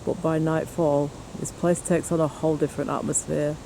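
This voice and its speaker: A high, mellow-toned man talks casually to camera, teasing his companion as they walk through woods. Faint wind and outdoor noise sit under the handheld recording. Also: flat delivery, moderate pace, creaky. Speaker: paranormal investigator vlogger. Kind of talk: casual outdoor vlog narration. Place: outdoors on a windy hill and in woods.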